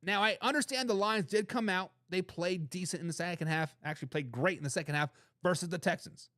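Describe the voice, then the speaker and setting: Guy doing football talk show, animated and opinionated, high pitched, dry close mic. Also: a little fast, no echo. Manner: emphatic, animated and opinionated, repeats phrases for emphasis. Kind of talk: live-stream sports talk reading chat comments.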